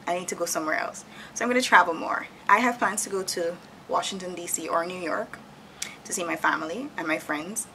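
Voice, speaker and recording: A woman's voice: on the low side, brisk, sharp tone, a little hiss or hum, rough recording. A woman in her thirties from Jamaica, chatting candidly and laughing often as she talks through her plans in a casual vlog at home. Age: 30s. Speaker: vlogger. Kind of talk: casual chat while decorating.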